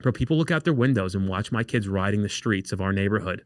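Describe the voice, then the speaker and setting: Profane, animated man telling stories. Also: on the low side, fast, no room sound, studio quality. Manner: profane, animated storyteller acting out quotes. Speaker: podcast guest. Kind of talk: casual storytelling.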